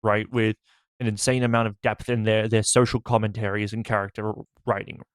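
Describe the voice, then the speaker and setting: A man co-hosting a casual podcast, giving short replies and measured opinions in an easygoing way. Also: fairly low pitch, little pitch movement, dry recording, clean studio sound. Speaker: podcast co-host. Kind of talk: casual chat.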